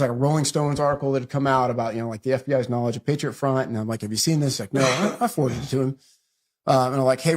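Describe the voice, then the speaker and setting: A middle-aged man talks as a podcast guest, recounting events at a quick clip. He slips into the voices of the people he quotes, then drops back to plain storytelling. His pitch sits in an ordinary middle range for a man. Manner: fast retelling that acts out quoted dialogue. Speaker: interview guest. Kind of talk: conversational storytelling interview.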